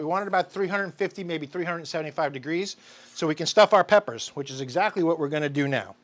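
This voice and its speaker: A man hosting a casual cooking demonstration at an outdoor grill, chatty and enthusiastic, talking straight to the camera. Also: a little high. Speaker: cooking show host.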